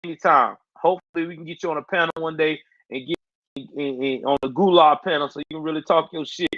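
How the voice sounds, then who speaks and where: A man's voice: on the high side, steady tone, fast talker, a bit bright, dry recording, lo-fi sound. A man hosting a casual livestream, talking in loose slang and answering his viewers' chat. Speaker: livestream host.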